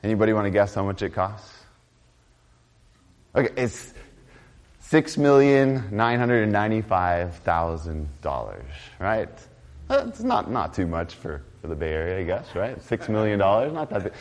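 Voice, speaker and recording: A man preaching a conversational sermon as pastor, swinging between loud emphatic lines and quiet, low asides. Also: big pitch swings, normal speed.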